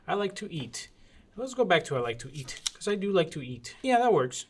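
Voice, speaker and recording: A woman's voice: lowish voice, very animated. A woman music teacher demonstrating a rhythm lesson in a playful way, chanting rhythm syllables. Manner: slow and deliberate. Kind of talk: classroom music lesson demo.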